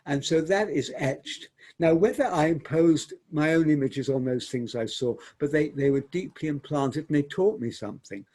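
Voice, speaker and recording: A man's voice: fairly high pitch, moderate pace, warm tone. An older man, a theatre director, reminiscing in an interview as a reflective storyteller who repeats and restarts words.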